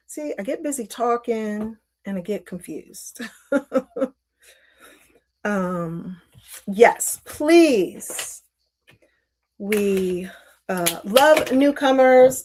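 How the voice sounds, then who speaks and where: A woman's voice: on the high side, darkish tone. A woman hosting a live quilting stream, chatting casually and welcoming viewers while she sews, with frequent fillers. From Northern Virginia.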